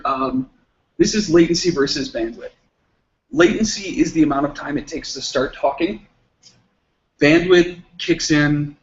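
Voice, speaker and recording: A man's voice: a little high, a bit bright. Man giving a casual tech talk. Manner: explains with everyday analogies and acted-out dialogue. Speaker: meetup speaker. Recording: slightly muffled event recording.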